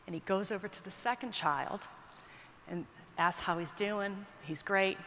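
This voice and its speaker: Woman keynote speaker, anecdotal storyteller, mid pitch, long hall reverb with faint background noise. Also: moderate pace. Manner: animated anecdotal storytelling with asides. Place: large conference hall.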